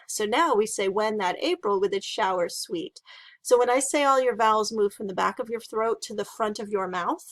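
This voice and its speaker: A woman's voice: a little high, creaky, dry recording. Chatty woman teaching history, dry sound. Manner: chatty, animated, with fillers and laughs. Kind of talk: casual lecture.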